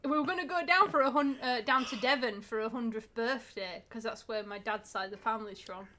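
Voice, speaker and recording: A woman's voice: on the high side, brisk, pushed and bright, slight background noise. A woman co-hosting a casual stream, telling stories in a chatty way. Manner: chatty storytelling with fillers. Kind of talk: casual chat.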